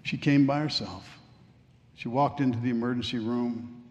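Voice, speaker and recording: A man preaching a sermon, telling a story dramatically and swinging between hushed and fervent delivery. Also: mid-range voice, normal speed, slight background noise. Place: church sanctuary. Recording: long reverb of a large church.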